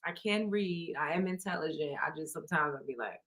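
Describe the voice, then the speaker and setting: A woman's voice: low-pitched, brisk, a bit bright. A young woman hosting a casual live stream, reading comments aloud, laughing often and swearing playfully.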